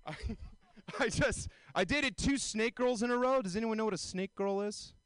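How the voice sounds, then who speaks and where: A man in his twenties performing a self-mocking stand-up set, often jumping into high mocking voices. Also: normal speed, fairly bright tone, clean tone, no echo. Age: 20s. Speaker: stand-up comedian.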